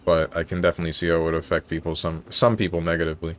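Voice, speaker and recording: A man's voice: low-pitched, completely flat delivery, very fast, a little hiss or hum. Man musing aloud on a live stream. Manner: thinking aloud, musing and self-correcting. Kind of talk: casual live-stream chat.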